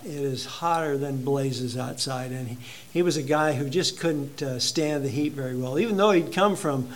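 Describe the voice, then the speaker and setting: Speaking at a medium pitch, a man preaches to his congregation as their pastor. His delivery is conversational and halting as he relates a personal story.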